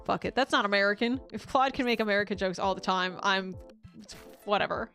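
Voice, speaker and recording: A woman's voice: medium pitch, brisk, creaky, a bit bright, faint music behind. A woman streaming casual chat, rambling with frequent restarts, swearing casually and laughing often.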